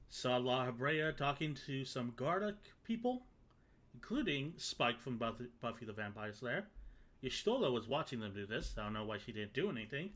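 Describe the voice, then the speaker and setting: Lively, rambling man streaming a game. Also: medium pitch. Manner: rambling, joking, casually profane. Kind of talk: casual gameplay commentary.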